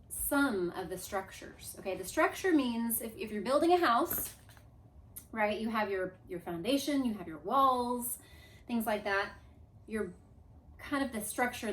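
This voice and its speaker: Woman teacher, mid-range voice, coaxing and chant-leading, echoey classroom. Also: mid-range voice. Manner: lively, coaxing, leads chants. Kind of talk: classroom grammar review. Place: classroom with a board. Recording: echoey room.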